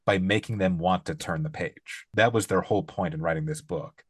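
Low-voiced chatty man. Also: brisk, slightly rough, no room sound. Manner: chatty storyteller, laughs easily. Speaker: podcast co-host. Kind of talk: casual chat.

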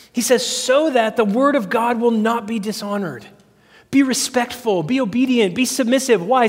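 High-voiced preacher in a reverberant hall. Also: male voice. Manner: earnest, asks the congregation questions. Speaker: pastor. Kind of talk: sermon.

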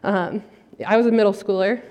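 A woman's voice: fairly even intonation, brisk, darkish tone. A young woman pastor giving a humorous, chatty sermon in a church, laughing often as she tells stories. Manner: chatty, laughing often, rising to high squeals. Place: church sanctuary. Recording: long hall reverb.

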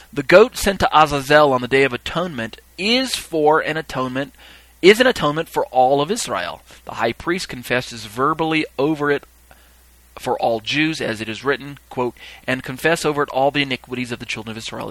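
Man reading scripture with slow emphasis. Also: medium pitch, a bit bright, no room sound, low-quality recording. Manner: reads slowly with heavy stress on key words; halting asides with fillers and restarts. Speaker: Bible teacher.

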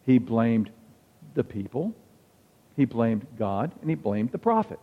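A man's voice: mid-range voice, very animated, a little slow. A male pastor preaching a sermon in a conversational, wry manner, quoting examples as he goes. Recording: dull sound with long hall reverb.

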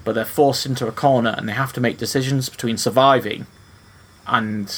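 Guy on a film podcast, mid-pitch, earnest, lots of "i mean". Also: steady tone, a little fast, a bit bright. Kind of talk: casual chat.

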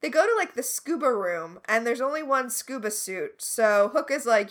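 A woman co-hosting a casual recap chat, animated and sarcastic with quick asides. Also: fairly high pitch. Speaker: podcast co-host.

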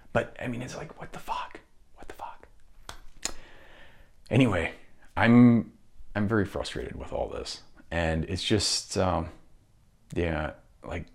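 A man's voice: low-pitched, darkish tone. A man hosting a solo talk show, ranting in frustration, swearing often and restarting his sentences. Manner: frustrated, profane, rambling with restarts. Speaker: podcast host. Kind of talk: solo political rant.

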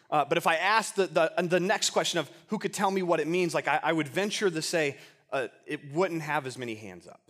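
A young man preaching a casual sermon to a youth group, often stumbling and repeating words, with relaxed slang. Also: on the high side. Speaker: youth pastor.

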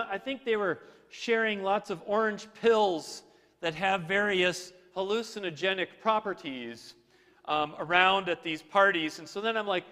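Male pastor, high voice, playful self-mocking storyteller, preaching in a reverberant sanctuary. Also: a bit bright. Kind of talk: sermon. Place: church sanctuary. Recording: long hall reverb.

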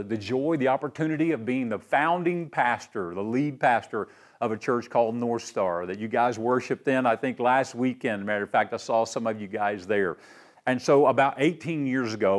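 Folksy pastor preaching. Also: male voice, medium pitch. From East Tennessee, US. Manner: warm folksy storytelling with fillers and "man". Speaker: guest pastor. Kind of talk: sermon.

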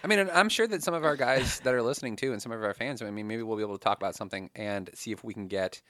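A man's voice: lowish voice, very fast, no echo, studio quality. A man hosting a casual podcast interview, rambling through questions with lots of fillers. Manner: animated, rambling, laughs a lot. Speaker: podcast host.

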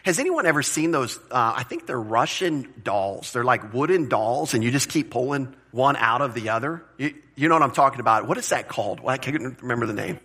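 A man preaching a sermon to his congregation, emphatic and animated, repeating phrases and asking the room questions. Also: mid-range voice, brisk, few pauses, husky. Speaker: pastor.

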